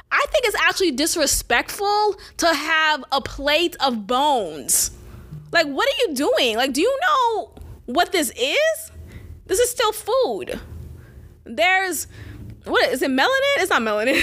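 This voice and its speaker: A woman's voice: high voice, pushed and bright. A woman hosting a solo podcast, talking bluntly and animatedly, laughing and swearing as she goes. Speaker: podcast host. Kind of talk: casual solo podcast rant.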